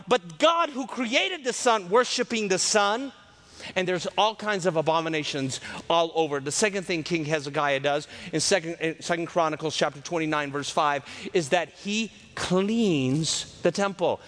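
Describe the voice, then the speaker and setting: A man preaching a folksy, joking sermon that swings between loud and soft and drops into character voices. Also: high voice, expressive, normal speed. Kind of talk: lively sermon.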